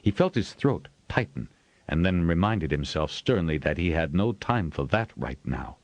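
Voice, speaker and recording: A man narrating an audiobook in a measured storytelling manner, shifting his voice for the characters. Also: low voice, expressive, dry recording. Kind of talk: scripted narration.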